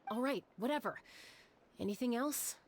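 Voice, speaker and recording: An actress voicing a calm, stubborn young woman who answers in a dry, matter-of-fact way in a video game cutscene. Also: a little high, normal speed.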